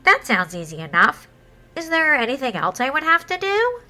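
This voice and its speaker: A woman's voice: high voice, huge pitch swings, normal speed, pushed and bright, voice pushed up, full character voice. A woman voicing a tall, thin man with a nasal voice who is polite but picky.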